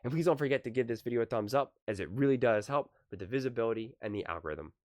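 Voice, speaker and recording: A man hosting his own sports commentary vlog, ranting with animated energy and acting out the fans he quotes. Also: mid-range voice, fast, no room sound, clean studio sound. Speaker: sports commentary channel host.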